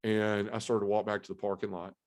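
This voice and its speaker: Earnest low-voiced man telling his story. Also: level tone, fast talker. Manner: earnest, heartfelt storytelling with restarts. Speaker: podcast guest. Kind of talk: emotional personal testimony.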